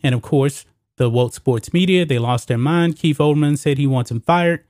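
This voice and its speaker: A man's voice: fairly high pitch, moderate pace, darkish tone, no room sound. Man, emphatic sports commentary host, opinionated, dry close mic. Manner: emphatic, repetitive, addresses viewers as guys.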